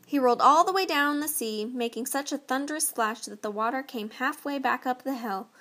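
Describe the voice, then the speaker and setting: A woman narrates a folk tale aloud with an expressive, lilting delivery. Her voice sits slightly high. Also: brisk. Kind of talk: storybook reading.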